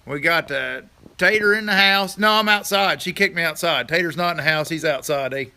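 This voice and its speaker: A man hosting a casual livestream outdoors, reading viewer comments aloud, rambling and teasing with bursts of loud laughter. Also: fairly high pitch, normal speed, clear, resonant tone. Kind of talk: casual live chat.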